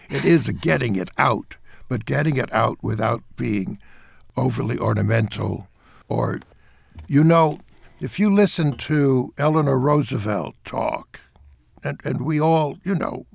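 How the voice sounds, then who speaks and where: An older man, a theater director, giving interview answers in an emphatic, animated way. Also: medium pitch, creaky, slightly rough, dry recording, clean studio sound.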